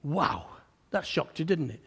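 A man preaching a sermon, animated, climbing to emphatic peaks and then dropping low and quiet, often repeating words as he starts a sentence. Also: unhurried, slightly rough.

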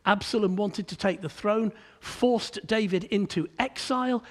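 A man preaching a sermon, animated, climbing to emphatic peaks and then dropping low and quiet, often repeating words as he starts a sentence. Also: unhurried.

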